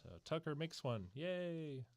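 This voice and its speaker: A man's voice: mid-range voice, unhurried. A man hosting a stream with casual, live fan play-by-play on a headset mic at home. He is out of breath and sighs between plays. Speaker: stream host.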